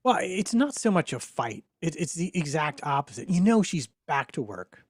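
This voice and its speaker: A man with a fairly high voice, talking in an easygoing, amused way on a casual podcast. He chats at a relaxed, conversational pace. The recording is dry and close to the mic. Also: normal speed, no room sound. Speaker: podcast co-host. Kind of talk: casual chat.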